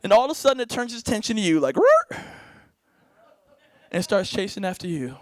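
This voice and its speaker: On an event stage before a live audience, a young man with a strikingly high voice delivers a motivational keynote at a very fast pace. Energetic and playful, he laughs often, acts out bits and throws "right?" back to the crowd. The sound is close and dry, with no echo and almost no room around it.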